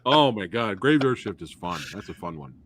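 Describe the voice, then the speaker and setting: Excitable man with a lively, bright voice. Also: lowish voice, moderate pace. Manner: excitable, slangy, full of "dude" and "bro". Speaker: host. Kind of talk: casual movie review chat. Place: live stream, reading chat.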